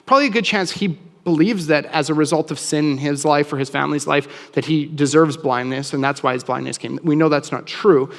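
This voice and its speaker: Male pastor, fairly high voice, relaxed conversational sermon, long hall reverb. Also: brisk, vocal fry, hardly any pauses. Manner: casual, conversational preaching with frequent restarts.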